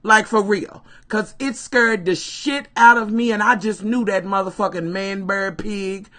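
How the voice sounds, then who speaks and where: A woman telling a story to her live stream viewers, animated and full of profanity, calling them "y'all". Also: medium pitch, measured pace. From Kentucky, USA.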